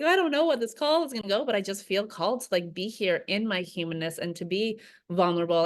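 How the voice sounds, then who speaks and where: A woman's voice: fairly low pitch, a bit bright. A woman coach speaking earnestly and reflectively on a video call, with lots of "like" as filler. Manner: earnest, reflective, heavy use of "like".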